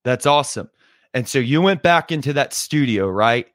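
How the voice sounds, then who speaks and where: A young man hosts a casual podcast interview with an upbeat, friendly manner. His voice sits at a middle pitch and sounds close and dry, with no room around it. He fills his questions with easygoing asides. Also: expressive, normal speed, fairly bright tone, dry recording. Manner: friendly, upbeat, many fillers like "you know" and "right". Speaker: podcast host.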